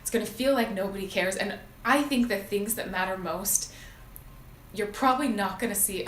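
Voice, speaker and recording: A woman's voice: mid-range voice, a little fast, reverberant, slight background noise, rough recording. A woman hosting her own show, giving an earnest, heartfelt motivational talk with frequent fillers. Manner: earnest, emotional, many fillers. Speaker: podcast host.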